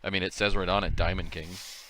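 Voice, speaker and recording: A man's voice: low voice, little pitch movement, fairly quick, sharp tone, slight background noise. A man co-hosting a card break livestream, telling jokey stories and laughing often in casual chat. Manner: joking storyteller, laughs often.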